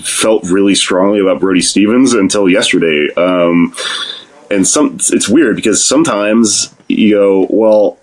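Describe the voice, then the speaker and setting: A man's voice: lowish voice, measured pace. A man talking loosely on a podcast, rambling and swearing, with frequent laughter. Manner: rambling, profane, laughs often. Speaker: podcast guest. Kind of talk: casual podcast conversation.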